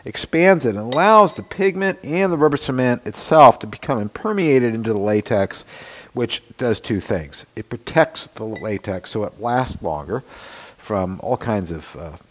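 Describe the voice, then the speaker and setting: A man's voice: medium pitch, very animated, moderate pace. A man in his sixties hosting a casual workshop demonstration, explaining his mask and costume work in a rambling, chatty way full of fillers and asides. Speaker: show host and special-effects mask maker.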